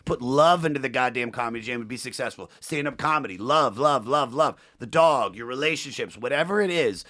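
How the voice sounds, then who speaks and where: A man's voice: medium pitch, expressive, brisk, pushed and bright. A young man co-hosting a podcast, talking in an earnest, motivational way with emphatic repetition. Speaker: podcast co-host. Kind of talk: casual podcast chat.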